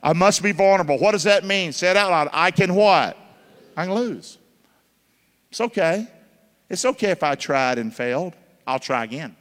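A male pastor preaching a sermon, calling out for answers from the congregation and swinging between loud and hushed. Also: high-pitched, animated, normal speed, long pauses. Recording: long hall reverb.

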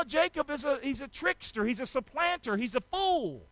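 A man preaching a sermon, drawing call-and-response from the congregation and swinging between loud exhortation and quiet asides. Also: very high voice, animated, moderate pace, no room sound, poor audio. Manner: call-and-response, urging the congregation to repeat after him. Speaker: pastor.

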